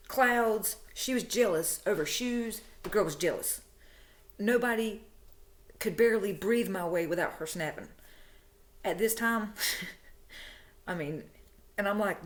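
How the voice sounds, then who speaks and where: A woman casually telling a personal story, chatty, animated and frank, often laughing. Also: medium pitch. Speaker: true crime storyteller, channel host.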